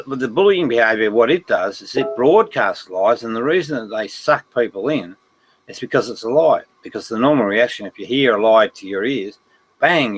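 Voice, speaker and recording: A man's voice: mid-range voice, rough recording. A man hosting a casual livestream chat, laughing often, swearing freely and speaking emphatically. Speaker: livestream host.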